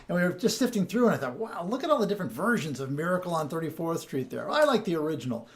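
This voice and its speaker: A man's voice: fairly high pitch, big pitch swings, fast talker. A man hosting a podcast of sales tips, talking in a chatty way and often restarting or repeating his words. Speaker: sales coach and podcast host. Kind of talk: casual podcast monologue.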